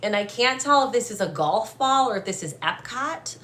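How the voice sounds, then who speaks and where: A young adult woman giving a live-streamed psychic reading, gentle and emotional, hesitant with many fillers and restarts. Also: fairly high pitch, animated, moderate pace. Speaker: medium.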